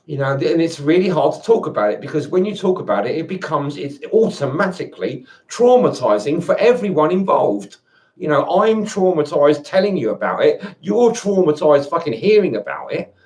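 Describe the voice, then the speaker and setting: A man's voice: on the high side, big pitch swings, normal speed, a little mellow. A man in an angry monologue to camera, swearing and repeating himself as he rants. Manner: agitated, swearing, repeats and restarts words. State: angry, worked up. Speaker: video rant maker.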